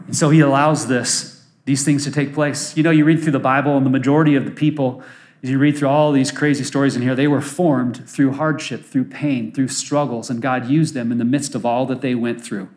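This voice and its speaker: A man's voice: mid-range voice, steady tone, fairly quick, a little mellow, reverberant. A man preaching a sermon, telling a story with energy and acting out the voices of the people in it. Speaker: pastor. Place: church.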